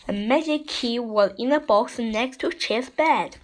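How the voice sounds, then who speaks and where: A woman with a high, light voice reads a children's picture book aloud. She takes it slowly and carefully, stumbling now and then over a word. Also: slight background noise, low-quality recording. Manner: slow, careful reading with small slips. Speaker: storyteller. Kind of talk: children's storybook reading.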